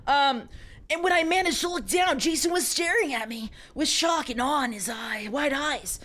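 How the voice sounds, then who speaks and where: Giggly, high-voiced young woman streamer. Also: moderate pace, a bit bright.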